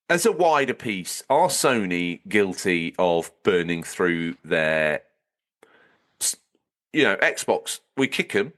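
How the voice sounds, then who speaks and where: A man's voice: lowish voice, fairly bright tone. A man co-hosting a podcast, chatting casually and riffing on absurd comic scenarios. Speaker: podcast co-host. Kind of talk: casual chat.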